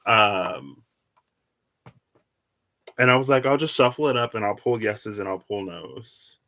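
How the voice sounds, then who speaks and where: A tarot reader chats casually in his vlog while shuffling and pulling cards, rambling and correcting himself along the way. His fairly low voice is animated, pushed and bright, and a little slow, with no echo.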